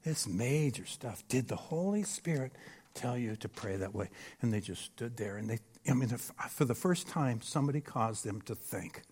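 Male preacher, lively sermon delivery, punchy rhetorical check-ins with a live congregation. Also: medium pitch, slightly rough. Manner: animated and emphatic, with frequent rhetorical "Hello?" checks. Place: church stage before a live audience.

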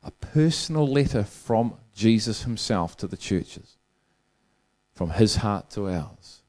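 A man with a lowish, darkish voice speaks slowly and expressively. He's preaching a funny sermon, spinning a long joke like a storyteller and chuckling through his own punchlines.

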